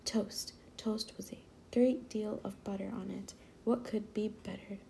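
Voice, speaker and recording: Lady reading a kids' book, hushed and mellow, bit of gravel, faint hiss behind. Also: medium pitch, steady tone, a little slow. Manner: soft, half-whispered reading. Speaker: read-aloud narrator. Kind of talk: children's book read-aloud.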